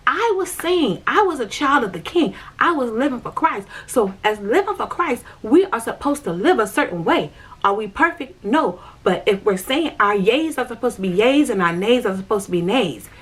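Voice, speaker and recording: Woman, husky voice, personal testimony vlog, emphatic, repeats herself, talks to viewers. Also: fairly high pitch, animated, moderate pace, a bit bright. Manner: emphatic, repetitive, conversational storytelling; addresses viewers directly. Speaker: vlogger sharing her spiritual journey.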